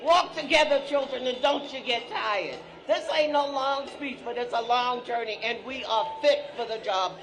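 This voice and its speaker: A man's voice: very high voice, moderate pace, few pauses, fairly bright tone, faint music behind. A man leading an outdoor street march, rousing the crowd in call-and-response chants with a preacherly delivery. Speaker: civil rights leader.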